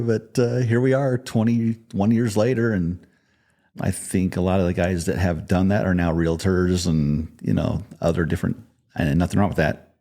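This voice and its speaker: A middle-aged man being interviewed as a business founder, speaking in a modest, relaxed and plainspoken way. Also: sits low, normal speed. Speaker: podcast guest, business founder. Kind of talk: conversational interview.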